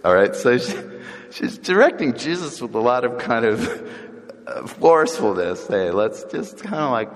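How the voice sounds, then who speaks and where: A man's voice: medium pitch, big pitch swings, normal speed. A man preaching a conversational sermon, chatty and humorous, chuckling often and acting out the voices of the people he quotes. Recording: long reverb of a large hall.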